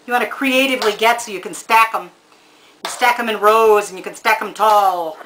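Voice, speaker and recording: A woman's voice: mid-range voice, moderate pace, fairly bright tone, a little hiss or hum, poor audio. A woman giving a casual cooking demonstration in a home kitchen, chatty and homey, talking straight to the viewer. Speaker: home cook presenting a recipe.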